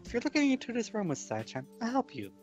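A woman voicing a clingy, earnest teenage schoolgirl as she reads a visual novel aloud with friends, speaking hesitantly and softly. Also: fairly high pitch, huge pitch swings, fast, dull audio, soft background music.

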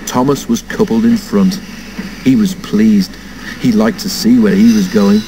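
A man reading a children's storybook aloud in an expressive way, doing all the character voices himself. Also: lowish voice, unhurried, slight background noise, rough recording. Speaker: storybook narrator.

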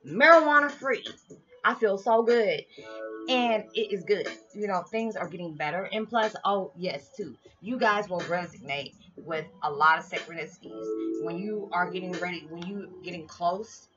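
A woman talking casually to her viewers about spiritual matters, animated and often laughing. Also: lowish voice. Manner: animated, laughing, lively swings in loudness. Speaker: vlogger. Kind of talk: casual spiritual vlog talk. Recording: dull lo-fi sound with faint music.

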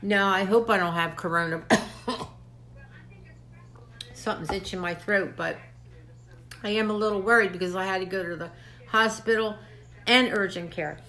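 A woman's voice: medium pitch, steady tone, moderate pace, pauses often, sharp tone. Older woman, crafts host, rambling chat, short of breath. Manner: rambling, chatty storytelling. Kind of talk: casual chat to camera.

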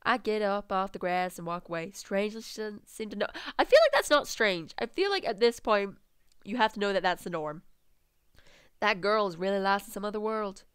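Excitable, foul-mouthed woman gamer. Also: medium pitch, fairly quick, clear, resonant tone, no echo, clean studio sound. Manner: excitable, swears freely, bursts into squeals and laughs. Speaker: let's play gamer. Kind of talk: let's play commentary, reading game text aloud.

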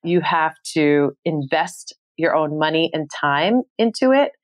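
Earnest New woman, lowish voice. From New York City, USA. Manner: emotional and earnest, rising pitch when excited, quick bursts when quoting herself. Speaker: podcast guest, TV host and producer. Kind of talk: candid interview storytelling.

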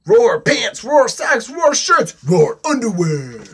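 A rowdy little boy stomping around as a dinosaur, put on by a man reading aloud, his roars jumping high and low across a wide range. He yells playfully and unhurriedly, as in a picture-book read-aloud. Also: slow pace, husky, exaggerated voice. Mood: excited. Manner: shouty playful roaring, high excited pitch.

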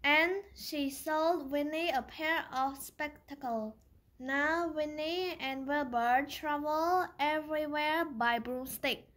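Brief: woman storyteller, children's book read-aloud, unhurried, high voice. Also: fairly bright tone. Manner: slow, careful reading with small slips. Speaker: storyteller on her channel.

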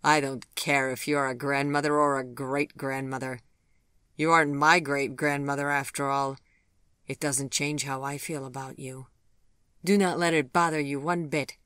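An audiobook reader voicing Gregory, a refined gentleman who speaks softly and tenderly, close to the narrating voice. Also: medium pitch, level tone, normal speed, smooth, no echo, lightly acted. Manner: soft, tender and courtly.

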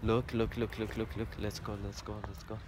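A man's voice: on the low side, flat delivery, normal speed, background noise. A man talking fondly to his pet bird outdoors at a farm, coaxing and repeating words to it. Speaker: pet owner filming his cockatoo. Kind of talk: casual talk to a pet.

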